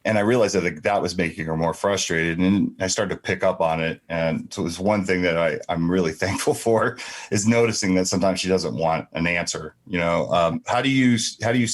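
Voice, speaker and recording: A man in his forties hosts a podcast in a low, deep voice. He muses on his own experience and feels his way into questions in a halting, reflective manner. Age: 40s. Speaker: podcast host. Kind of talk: casual podcast conversation.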